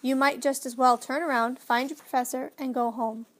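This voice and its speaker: A woman's voice: high voice, fairly bright tone. A woman reading as a prim, stern tall official. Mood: brisk. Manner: brisk, prim and formal. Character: tall thin fussy male official, stern.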